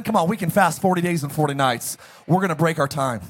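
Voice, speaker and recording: A pastor preaching a sermon, joking and calling on the congregation to repeat phrases after him. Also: male voice, on the high side, fast talker, husky. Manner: jokey, calls for congregation responses.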